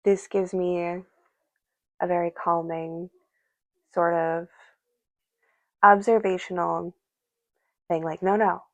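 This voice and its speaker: A woman talks through a tarot spread in an unhurried, gravelly voice, thinking aloud as she goes. She addresses the spirits and her viewers directly. The sound is dry and close, from a dull lo-fi recording. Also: lowish voice, level tone, dry recording. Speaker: tarot reader. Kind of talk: casual spoken tarot reading.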